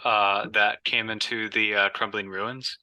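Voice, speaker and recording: A man in a casual Bible study group, asking questions hesitantly with many pauses and fillers. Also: on the low side, flat delivery, bright, forceful tone, dry recording.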